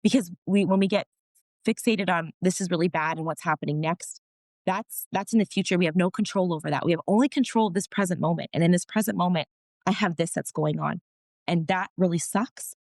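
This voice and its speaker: A woman's voice: lowish voice, fairly quick, a little mellow, no echo, clean studio sound. A woman guest on a podcast, telling family stories frankly and with feeling, now and then swearing mildly. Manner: emotional storytelling, frank with mild swearing. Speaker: podcast guest, wellness practitioner. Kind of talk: casual interview chat.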